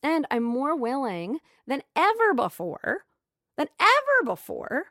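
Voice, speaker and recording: A woman talking in an earnest, emotional way about her spiritual growth. She often repeats phrases and goes soft and slow. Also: sits high, huge pitch swings, dry recording, studio quality. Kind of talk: reflective spiritual monologue.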